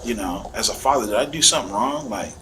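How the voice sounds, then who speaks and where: A man's voice: lowish voice, expressive, fast, a bit bright, slight background noise, low-quality recording. A man, a father, casually and emotionally recounting events in a police interview. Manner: casual, rambling, emotional retelling.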